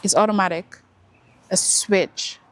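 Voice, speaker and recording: Young woman, earnest, casual reflective vlog talk, mid pitch, self-encouraging. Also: fairly even intonation, takes it slowly, fairly bright tone. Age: young adult. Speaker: vlogger.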